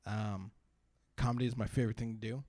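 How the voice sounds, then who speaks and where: A man doing a stand-up set, rambling with lots of fillers and breaking into sudden loud bursts. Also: lowish voice, steady tone, fast talker, no echo. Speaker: stand-up comedian.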